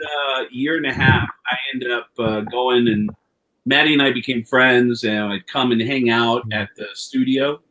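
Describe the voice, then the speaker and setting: Over a video call, a man who's a comedian guest shares a story at medium pitch and a moderate pace. His delivery is lively: he acts out quotes in a raised voice, swears, and keeps rambling and restarting.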